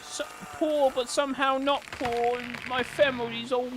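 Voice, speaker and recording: A man mimicking a whiny, self-pitying schoolboy in a high mocking voice. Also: little pitch movement, unhurried, background noise. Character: whiny poor ginger schoolboy.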